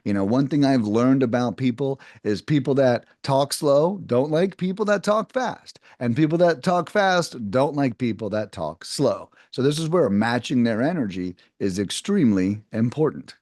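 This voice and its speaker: A man's voice: mid-range voice, moderate pace, few pauses, dry recording, studio quality. A man teaching a casual lesson on cold calling, talking to viewers as "guys" and acting out sample phone openers. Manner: animated, talks to viewers as guys, acts out sample phone lines. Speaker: cold calling sales trainer. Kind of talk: casual coaching lesson to camera.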